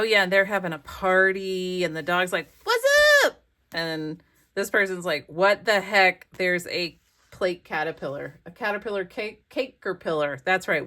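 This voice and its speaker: Chatty woman with a lowish voice. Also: sharp tone. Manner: chatty and rambling, gushing over her pages. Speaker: craft vlogger. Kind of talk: casual flip-through commentary. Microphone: desk camera.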